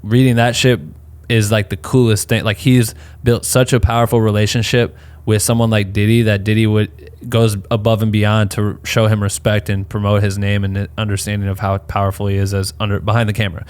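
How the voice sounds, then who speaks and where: A man co-hosting a podcast, talking in an excited, casual way with plenty of swearing. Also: lowish voice, fairly quick, clean tone. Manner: hyped, profane, enthusiastic. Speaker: podcast co-host.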